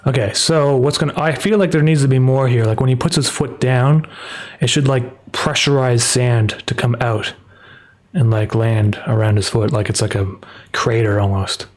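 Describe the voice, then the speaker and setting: A man casually talking through his drawing on a livestream, rambling and relaxed, with lots of "like" fillers. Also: mid-range voice, normal speed. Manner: rambling, relaxed, heavy use of "like". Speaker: artist streaming his work. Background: faint background music.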